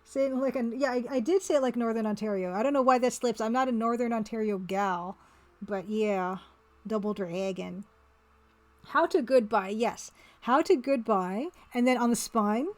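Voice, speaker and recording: A woman's voice: on the high side, normal speed, a little mellow. A woman chatting casually on her art live stream, rambling and answering chat as she works. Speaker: streamer and pixel artist.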